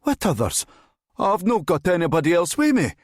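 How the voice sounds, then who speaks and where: A rough-spoken Sutherland builder, frightened out of his wits, cursing and pleading in a voice pushed well above its usual pitch. The recording is close and dry, with no room around it; a man acts him out in an audiobook. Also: very animated, measured pace, dry recording. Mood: panicked. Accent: Sutherland Scottish. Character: terrified middle-aged male builder, rough-spoken.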